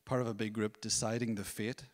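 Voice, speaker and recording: A man giving a testimony at a church service, telling his story in a lively way and acting out other people's voices. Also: on the low side, fairly quick, in a large hall. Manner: storytelling, animated, acts out voices. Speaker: worship leader. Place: church hall.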